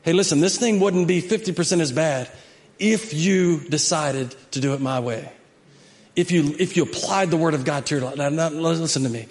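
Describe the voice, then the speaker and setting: Pastor, male, high-pitched voice, animated sermon delivery with chatty asides to the room. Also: normal speed. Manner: animated, emphatic preaching that acts out prayers and climbs to shouts; conversational asides with the congregation.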